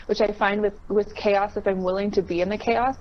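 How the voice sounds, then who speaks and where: A woman's voice: mid-range voice, fairly even intonation, a little fast. Reflective woman guest, dull lo-fi sound. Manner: reflective, rambling, thinking aloud. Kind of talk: casual chat. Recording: dull lo-fi sound with faint noise.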